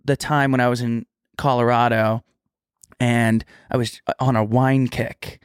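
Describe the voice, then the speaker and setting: A man's voice: medium pitch, little pitch movement, measured pace, clean tone, dry recording, clean studio sound. A young man co-hosting a podcast, telling long rambling stories in casual chat with a lot of "like". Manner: rambling storyteller, heavy use of "like". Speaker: podcast co-host.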